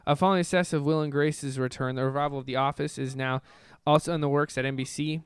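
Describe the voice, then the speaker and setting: A chatty man hosting a podcast, talking in an upbeat, casual way and stumbling over words now and then. His voice sits a little high and sounds smooth and clear. The recording is dry and close. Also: steady tone, fast talker, no room sound. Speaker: podcast host.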